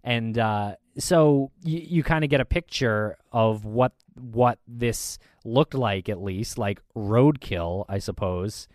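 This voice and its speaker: A man's voice: mid-range voice, slow pace, hardly any pauses. A man in a casual chat walks through a news story, stopping and restarting as he goes. His voice sits in the middle range and sounds dry and close to the mic, with no room echo. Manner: recounts a news story with many fillers and restarts.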